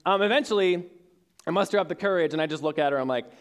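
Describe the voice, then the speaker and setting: Fast and fairly high-pitched, a young male youth speaker in his twenties delivers a casual sermon to young adults in a church hall with an audience. His storytelling is peppered with fillers and restarts.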